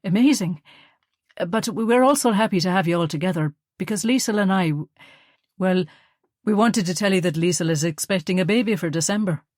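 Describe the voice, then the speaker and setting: A woman voicing a gentle young Irish husband who speaks plainly and firmly. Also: lowish voice, normal speed, dry recording, clean studio sound, close to an everyday voice. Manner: gentle, turns firm.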